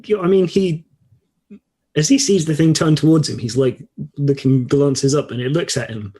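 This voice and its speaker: A man playing a tabletop game, haltingly describing his character's actions. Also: fairly high pitch, steady tone, mellow. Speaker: player. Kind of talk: casual tabletop game chat.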